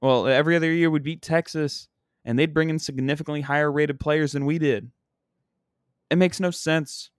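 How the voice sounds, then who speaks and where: A man's voice: fairly high pitch, steady tone, normal speed, no echo. Exasperated rambling man, dry close sound. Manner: exasperated, rambling, self-deprecating. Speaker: comedian. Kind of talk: casual sports rant.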